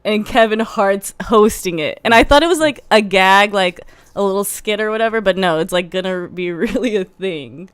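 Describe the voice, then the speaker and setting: A woman's voice: mid-range voice, normal speed, clear, resonant tone, no echo. A young woman co-hosting a podcast, chatty and emphatic, laughing often. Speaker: podcast co-host. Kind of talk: casual chat.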